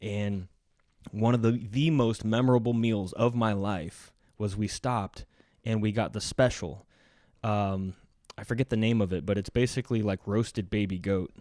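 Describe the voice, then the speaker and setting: A man's voice: fairly low pitch, steady tone, moderate pace, darkish tone, no echo, studio quality. A man hosting a podcast, telling a travel story in casual conversation, chatty and laughing between lines.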